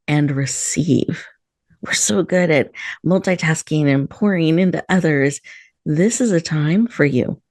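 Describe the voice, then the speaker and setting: A woman hosting a show, gently guiding listeners through a slow breathing meditation in a soothing manner. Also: low voice, dry recording, clean studio sound. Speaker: host.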